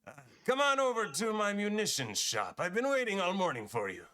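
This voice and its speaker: A shifty merchant pitched well above his speaker's own voice, slick and bright-toned, as a game master puts him on. He pitches deals with a wavering, vaguely European accent that drifts, swooping up and down as he bargains. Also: big pitch swings, fairly quick, full character voice. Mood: sly. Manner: sly wheeling-dealing patter in a shaky put-on European accent. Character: scheming male fantasy gun merchant and matchmaker.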